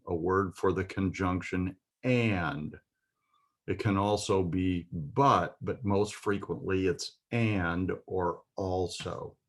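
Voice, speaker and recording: A man with a very deep voice walks through a Biblical Hebrew lesson. He speaks slowly and methodically, pausing with the odd "uh" as he explains each letter. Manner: slow, methodical explaining with fillers. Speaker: Bible language teacher.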